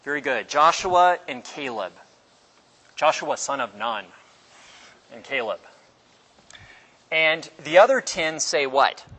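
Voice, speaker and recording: A man teaches a casual Bible class conversationally, asking the class questions and acting out quotes with jumps in pitch. His voice is pushed and bright with lively intonation, and he goes slowly with long pauses.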